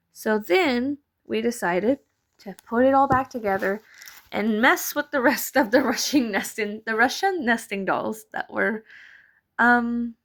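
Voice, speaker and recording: A young woman talks over her own footage in a loose, rambling way, dropping casual swears and little laughs. Her voice sits a bit high, with a gravelly, fried edge on it. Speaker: vlogger. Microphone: voice-over mic.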